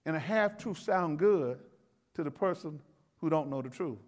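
A man's voice: a little high, expressive, normal speed. A man pastor giving a sermon in a folksy, conversational preaching manner.

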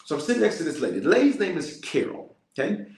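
A male bishop preaching in a lively storytelling way and calling out to his listeners. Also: a little high, fast talker, echoey room. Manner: storytelling, animated, calls out to listeners. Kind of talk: sermon-style prayer message.

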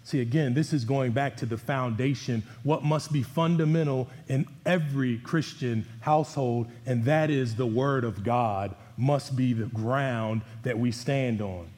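A man's voice: mid-range voice, measured pace, hardly any pauses, a little mellow. Earnest male pastor in a reverberant church. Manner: earnest and exhorting, with conversational asides. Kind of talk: sermon. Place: church sanctuary. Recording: long hall reverb.

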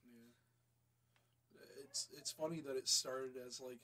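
A man's voice: mid-range voice, steady tone, slow, bright, forceful tone, low-quality recording. A young man co-hosting a podcast, rambling in casual chat with lots of fillers and swearing. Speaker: podcast co-host.

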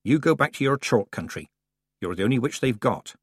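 A stern, sharp-tongued old witch woman, as a male reader puts her on, blunt and clipped in every word. Her voice is a touch husky and the reading is dry and close, with a lively rise and fall. She sounds like a storybook elder who expects to be obeyed. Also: medium pitch, fairly quick, no echo, voice pushed up. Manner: blunt, clipped, matter-of-fact. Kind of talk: audiobook character reading.

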